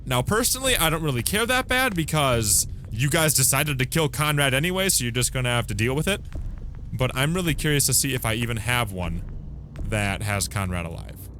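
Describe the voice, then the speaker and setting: Here's a streamer at home whose broken equipment has him frustrated and swearing as he casually addresses his chat during a game livestream, energy jumping around rapidly. He has a mid-range, animated voice with a sharp edge. Slight background noise sits under a distant mic that glitches and distorts into a robotic tone.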